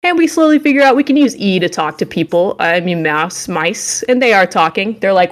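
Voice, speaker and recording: A young woman co-hosts a game-review podcast, giving a casual, comedic recap of a video game in a playful, sarcastic way and acting out its dialogue. Her mid-range voice is expressive and fairly quick, with few pauses.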